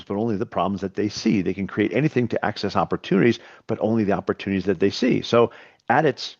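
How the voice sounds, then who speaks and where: A man's voice: medium pitch, creaky, darkish tone, dry recording, dull audio. A middle-aged man, a podcast guest and coach, tells his story earnestly, often repeating and restarting his words. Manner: earnest, with frequent repetitions and restarts. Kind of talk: storytelling in an interview.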